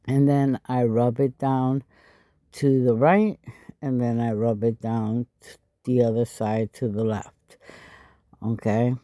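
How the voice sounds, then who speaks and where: A woman talks through a craft tutorial in a raspy, low, tired voice that sounds a little stuffy. Her tone is mellow and dark, and she takes her time, chatting and adding asides between steps. The recording is dry, with almost no room sound. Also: fairly even intonation, slow, pauses often, no room sound. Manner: chatty, explaining step by step with frequent asides. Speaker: craft channel host.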